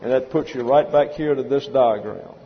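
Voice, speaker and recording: Recorded in a dull church hall with a long reverb tail, this pastor's expository Bible sermon comes in a mid-range male voice at normal speed. He stresses points emphatically, drills the text word by word, and spells Greek terms out letter by letter.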